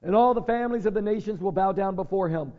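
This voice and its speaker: Male pastor, high voice, earnest sermon delivery with scripture read aloud, dull lo-fi recording. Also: fast. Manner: earnest preaching mixed with scripture reading.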